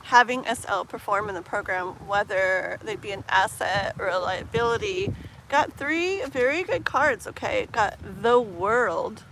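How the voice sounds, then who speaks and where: A woman giving a live-stream tarot reading in a casual, filler-heavy way, slowing to muse aloud as she shuffles. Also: mid-range voice, animated, a bit bright, a little hiss or hum, poor audio. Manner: slows down and muses while shuffling. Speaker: tarot reader.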